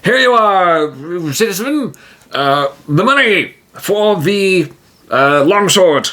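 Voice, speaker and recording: A man voicing a pompous heroic adventurer with a grand, theatrical manner, high above his own voice and slow. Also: lively intonation, sharp tone, exaggerated voice. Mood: grandly heroic.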